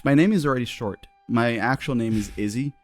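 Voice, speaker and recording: A man's voice: mid-range voice, fairly quick, a little mellow, no room sound. A man co-hosts an English lesson, quoting clips and asking his partner questions. The sound is dry and close. Faint music sits in the background. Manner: asks questions, quotes clips. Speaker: co-host, English teacher. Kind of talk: casual teaching chat.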